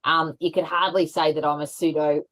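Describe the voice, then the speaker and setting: A woman's voice: sits low, flat delivery, moderate pace, a bit bright, poor audio. Woman rambling on a video call. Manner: rambling, with many fillers and restarts. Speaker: guest. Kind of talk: casual video call chat.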